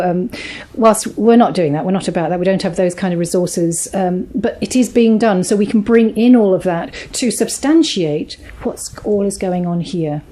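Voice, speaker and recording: A woman's voice: mid-range voice, dark tone. A British woman organising a small meeting, speaking in a rambling way with many fillers and earnest thanks.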